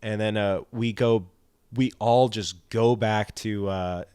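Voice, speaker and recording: A man's voice: lowish voice, steady tone, takes it slowly, a little mellow, smooth, no room sound. A young man co-hosting a podcast, telling a drunken story in a rambling, profane way with lots of fillers. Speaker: podcast co-host. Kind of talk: casual storytelling.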